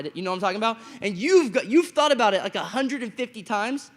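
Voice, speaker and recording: A man preaching a chapel sermon to students, telling a story with animated acted-out quotes and often asking the room "right?". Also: sits high, quick pace, hardly any pauses, in a large hall. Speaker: chapel speaker. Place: school chapel.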